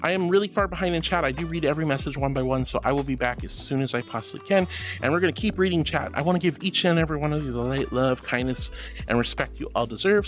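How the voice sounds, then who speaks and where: A fast-talking woman streams from a virtual reality setup with soft music playing behind her. As she reads the chat out loud, she showers viewers with affection, squealing high greetings and calling them sweetie and honey.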